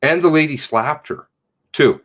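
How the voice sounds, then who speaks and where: Reading out names from his chat, a Canadian man running a casual commentary livestream rants with indignation. He talks at a measured pace in a slightly bright voice on the high side.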